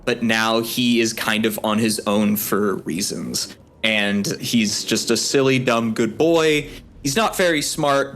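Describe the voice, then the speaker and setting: Joking man at middling pitch. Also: a bit bright. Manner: playful, joking. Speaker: player. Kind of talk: casual chat introducing a character.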